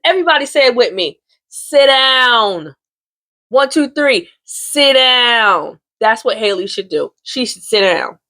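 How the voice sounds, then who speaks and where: A woman vlogger recapping a soap opera in a sassy, slangy, animated way, talking straight to the viewer. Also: on the high side, fairly quick, few pauses. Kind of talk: casual chatty recap.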